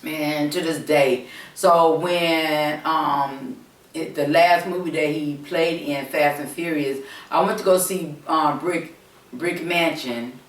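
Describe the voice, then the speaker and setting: Woman host, slow unhurried rambling chat to viewers, recorded off-mic in a roomy space. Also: low-pitched, steady tone, recorded from a distance, a little hiss or hum. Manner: rambling, repetitive, many fillers, addresses viewers directly. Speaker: channel host. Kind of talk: casual storytelling chat. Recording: roomy echo, speaking away from the mic.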